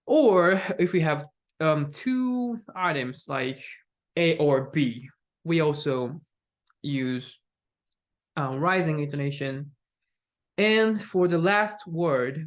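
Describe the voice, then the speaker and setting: A man teaching an English intonation lesson, slow and patient, with many fillers as he acts out example sentences aloud. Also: on the high side. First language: Japanese. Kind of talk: recorded online lesson.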